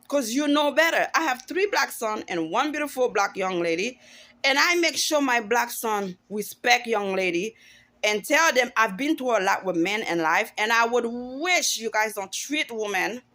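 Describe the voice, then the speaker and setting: A woman in her forties talking straight to camera in a casual vlog. Her voice sits a little high, and she speaks with emphatic, outspoken conviction. She often stops and restarts her sentences mid-thought. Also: fairly bright tone. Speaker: vlogger. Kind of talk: casual opinion monologue to camera.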